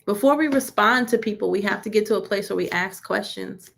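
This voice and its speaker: A woman delivering a casual, conversational sermon to her congregation. Her voice is deeply gravelly and full of vocal fry, sitting at an ordinary mid pitch. She talks in a loose, colloquial way and keeps putting questions to her listeners. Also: fairly quick. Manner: informal, poses many rhetorical questions to listeners; colloquial, relaxed grammar. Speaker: church leader leading a teaching session.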